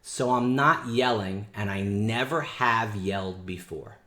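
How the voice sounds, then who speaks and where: A man's voice: fairly low pitch, unhurried, sharp tone. A man hosting a day trading show, talking bluntly and casually in slang, scolding and reviewing trades. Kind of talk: live trading stream chat. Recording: echoey room.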